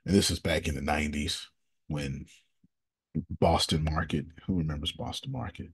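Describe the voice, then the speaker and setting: Deep husky man telling a story. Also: lively intonation, normal speed. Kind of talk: casual storytelling talk.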